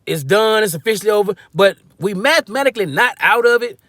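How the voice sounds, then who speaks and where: A man's voice: high-pitched, expressive, quick pace, fairly bright tone, dry recording, clean studio sound. A man giving a casual, slangy football-fan rant, joking and acting out quotes as he goes. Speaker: sports fan commentator.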